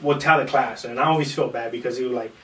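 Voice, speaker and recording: A man in casual podcast talk, spinning a swear-laden story and acting out everyone's lines. His voice sits at an ordinary middle pitch. The recording is roomy and echoey, and he sounds set back from the microphone. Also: fast. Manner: animated, profane storytelling that acts out quotes. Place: room in a small podcast setup. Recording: roomy echo, far from the mic.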